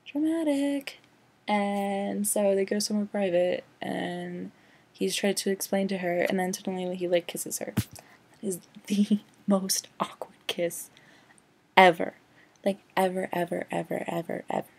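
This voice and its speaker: A woman's voice: medium pitch, flat delivery, unhurried, vocal fry, a little mellow. A young woman vlogging a casual, rambling movie rant, sarcastic and full of "like". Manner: sarcastic, rambling, heavy use of "like".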